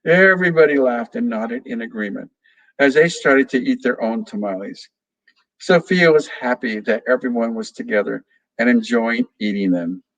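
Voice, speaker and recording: A man's voice: mid-range voice, poor audio. A man, a children's author, reading a storybook aloud expressively to children. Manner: slow, expressive, addresses children. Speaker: guest reader, children's author.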